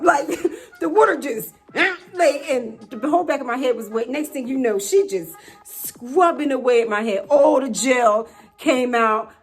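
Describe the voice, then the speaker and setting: Animated high-pitched woman telling a story. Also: husky. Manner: animated storyteller, many "like"s, dramatic retelling. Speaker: vlogger. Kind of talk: casual storytime while getting dressed.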